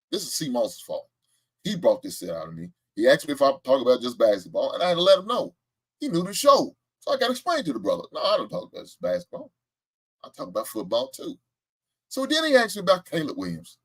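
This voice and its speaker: A husky, medium-pitched man hosts a casual sports talk live stream, boasting about his predictions. He fires back at the chat with laughter and trash talk.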